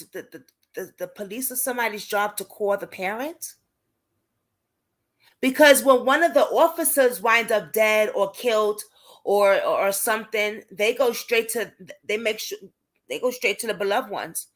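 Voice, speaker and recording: Speaking at a normal speed, a young Brooklyn-accented woman runs a laid-back advocacy livestream and addresses her viewers by name with emphatic indignation. Her voice sits in the mid-range with lively intonation.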